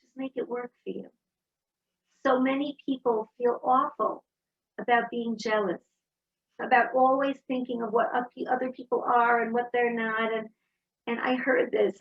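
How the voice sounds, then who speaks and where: A woman speaks in an inspirational talk, telling stories in a lively way. Her voice sits a little high and has a slight husk to it. The recording sounds dull and lo-fi. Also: normal speed, slightly rough. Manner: storytelling, warm and animated.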